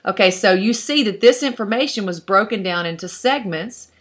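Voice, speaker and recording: A woman's voice: mid-range voice, expressive, moderate pace. A woman teaching an online class, explaining step by step in a patient way and thinking aloud as she goes. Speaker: Hebrew instructor.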